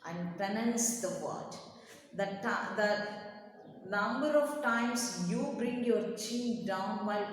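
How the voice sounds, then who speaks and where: A woman's voice: mid-range voice, slight background noise. A woman teaching a grammar lesson to children, patient and repeating each word as she counts its syllables. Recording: echoey room heard from a distance.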